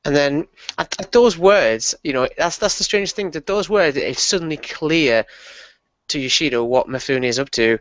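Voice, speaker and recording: A man describes his character's actions in a tabletop game, halting and restarting often as he goes. The sound is dry and close, but slightly muffled. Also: a little high, a bit bright, no room sound. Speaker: player. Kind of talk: casual tabletop game talk.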